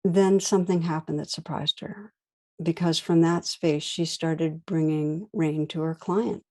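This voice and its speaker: Woman, meditation teacher, dharma talk, warm mellow tone, gentle unhurried delivery. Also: low-pitched, fairly even intonation. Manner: gentle, unhurried storytelling with soft pauses.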